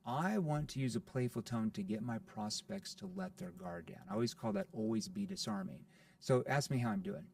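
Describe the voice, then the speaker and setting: A man being interviewed on a podcast as a sales coach, talking in an animated way and acting out playful sales lines. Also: medium pitch, normal speed, creaky, dry recording, distant mic.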